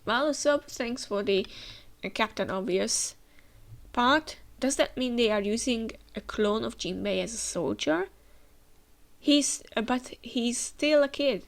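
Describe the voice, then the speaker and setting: A woman's voice: fairly high pitch, animated, slow, creaky. A woman hosting a manga reaction, chatting casually with many fillers while she has a cold and sounds tired. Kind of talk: casual reaction commentary, reading aloud.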